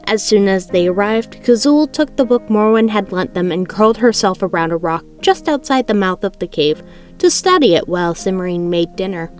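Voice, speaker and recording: A woman's voice: medium pitch, animated, moderate pace, a little mellow, faint music behind. Casual woman reading a novel aloud. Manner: casual, self-correcting reading. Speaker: reader of a book aloud. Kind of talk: casual read-aloud narration.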